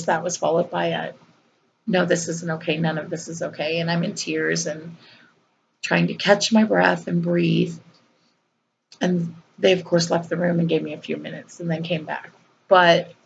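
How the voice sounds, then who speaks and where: A woman's voice: fairly low pitch, flat delivery, unhurried, gravelly, long pauses, lo-fi sound, a little hiss or hum. A woman vlogger, earnestly telling a personal story in a conversational way with fillers and repeats.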